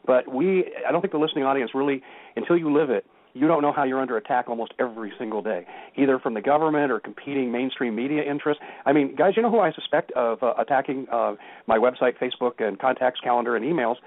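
Fast-talking man over a phone line. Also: medium pitch, dry recording. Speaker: guest. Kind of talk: call-in radio talk.

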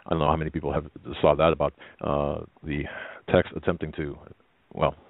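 A man hosting a talk radio show, halting and often repeating his words. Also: extremely low pitch, level tone, no room sound, narrow, tinny audio.

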